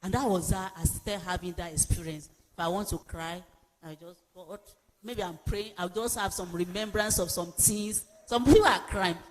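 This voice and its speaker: A woman's voice: fairly low pitch, normal speed. A woman giving a sermon-like counselling talk, repeating her exhortations emphatically. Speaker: pastor and speaker. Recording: long hall reverb.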